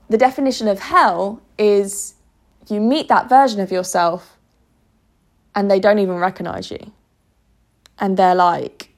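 A woman's voice: mid-range voice, a little mellow. A woman talking to camera in an earnest, emotional vlog monologue, often restarting her sentences. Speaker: vlogger.

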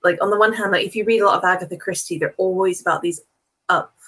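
A young woman with a mixed transatlantic accent, chatting casually as a guest with many pauses and restarts. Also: fairly low pitch, fairly even intonation, a bit bright, husky. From Texas. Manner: hesitant, many fillers and restarts. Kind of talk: casual chat.

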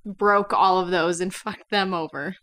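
A woman's voice: fairly low pitch, fairly even intonation, unhurried, a bit bright. A woman playing a tabletop game, chatting casually and asking questions. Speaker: player.

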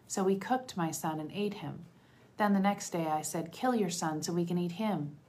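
A woman's voice: lowish voice, moderate pace, a little mellow, close to an everyday voice, poor audio. A woman reading the lines of a desperate, starving mother in a plain, urgent voice.

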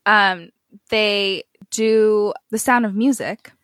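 A woman's voice: medium pitch, slow, a bit bright, no room sound. A young woman co-hosting a podcast, chatting casually with sarcastic asides and plenty of fillers. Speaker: podcast co-host. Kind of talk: casual chat.

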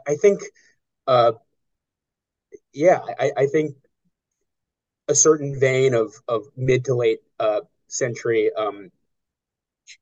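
Halting man with many restarts. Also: medium pitch, a little mellow, muffled recording. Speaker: novelist being interviewed. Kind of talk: conversational interview.

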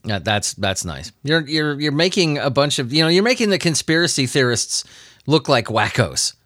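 A man hosts a comedy news podcast, joking and laughing as he reads odd stories and riffs on them, often putting on silly voices. His mid-range voice swings widely in pitch at a moderate pace, with a fairly bright tone in a dry, studio-quality recording.

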